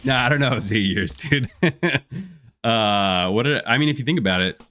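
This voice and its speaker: A man's voice: mid-range voice, expressive, normal speed, bright, forceful tone. A young man chatting casually on a live gameplay stream, rambling with lots of fillers and frequent laughs. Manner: rambling, laid-back, many "like" fillers, laughs often. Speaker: gaming streamer.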